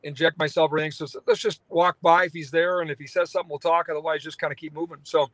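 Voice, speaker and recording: A man's voice: on the high side, flat delivery, rapid-fire, a bit bright, no echo. A man, a radio talk show host, telling a long story with lots of fillers and restarts. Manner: rambling, many fillers and restarts. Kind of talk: phone-in interview storytelling.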